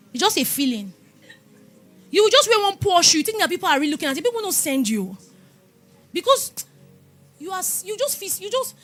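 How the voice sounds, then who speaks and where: A woman pastor giving a lively testimony sermon in an animated storytelling manner. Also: high-pitched. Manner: animated storytelling, laughing and exclaiming.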